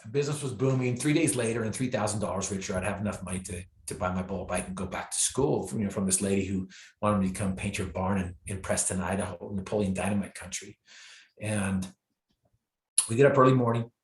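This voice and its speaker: A man, a guest speaker, telling a personal story in an interview with self-deprecating humor, acting out the lines of the people in it. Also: quick pace. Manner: animated storyteller, acts out his own and others' lines with bursts of pitch and volume. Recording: echoey room.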